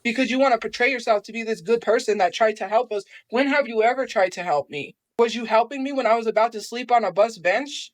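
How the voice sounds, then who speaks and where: A woman's voice: fairly high pitch, fast talker, hardly any pauses, no echo. Aggrieved woman from New Mexico, dry sound. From Albuquerque, New Mexico. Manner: aggrieved, defensive. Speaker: livestreamer. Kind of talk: livestream monologue.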